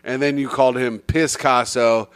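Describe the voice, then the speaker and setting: A man's voice: medium pitch, fairly even intonation, normal speed, clear, resonant tone. A man hosting a comedy podcast, crude and joking as he reads listener reviews aloud. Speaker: podcast host. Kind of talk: casual comedic chat.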